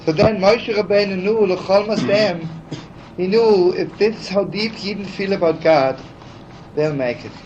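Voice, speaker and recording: A man's voice: high voice, normal speed. Heartfelt male preacher, muffled old tape. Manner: heartfelt, chatty, many "you know" asides. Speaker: rabbi teaching. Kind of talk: storytelling sermon. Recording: dull archival recording with faint hiss.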